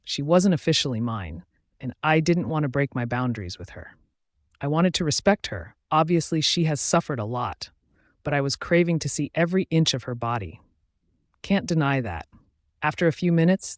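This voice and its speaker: A man's voice: fairly high pitch, expressive, normal speed, dry recording, clean studio sound. Earnest male audiobook narrator. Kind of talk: first-person audiobook narration.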